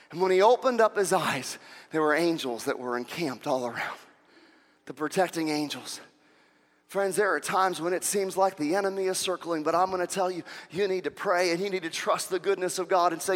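A male pastor preaching a sermon, swinging between loud, urgent passages and quiet, intimate asides. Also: high-pitched, a little fast, long reverb tail.

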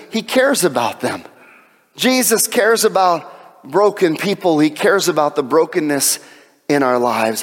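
A man with a high voice preaches a sermon. He is animated and breaks in with jokes and asides. His voice rings with the long reverb of a large hall. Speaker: pastor.

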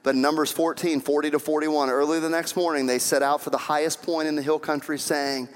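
A man's voice: on the high side, flat delivery, a little fast. A man preaching a sermon as pastor, acting out quoted voices and building to fervent emphasis. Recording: long hall reverb.

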